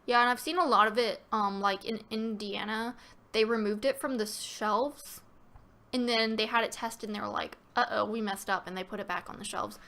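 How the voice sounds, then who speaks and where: A woman's voice: fairly high pitch, steady tone, normal speed, sharp tone. A woman hosting a casual live-stream Q&A, talking loosely with many fillers and restarts and reading viewer questions aloud.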